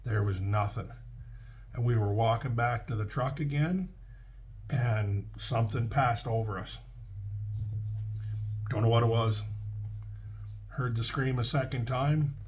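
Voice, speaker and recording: Middle-aged trucker, folksy storyteller, mid-pitched, restarts a lot. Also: male voice, measured pace, pauses often, darkish tone. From Canada. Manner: folksy, plainspoken, with frequent restarts. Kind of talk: casual spoken storytelling.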